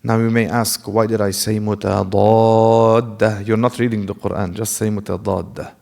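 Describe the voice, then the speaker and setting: A man teaching Quran recitation in a class lecture. He asks questions and answers them himself, and he demonstrates Arabic sounds slowly and step by step. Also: on the low side, fairly even intonation, creaky, a little mellow.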